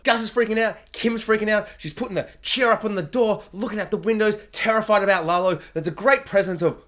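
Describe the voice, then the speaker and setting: A man's voice: high voice, fairly bright tone. A young man chatting casually through a spoiler review of a TV episode, rambling along and acting out what the characters say. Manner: chatty, rambling, quick to act out quotes. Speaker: TV review vlogger. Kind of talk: casual spoken recap and review.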